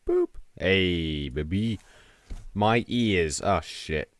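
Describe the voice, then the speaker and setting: Deep-voiced man, tipsy banter. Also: animated, drawn-out words, dry recording. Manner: swearing, ironic banter. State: drinking. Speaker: streamer. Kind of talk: casual late-night stream chat.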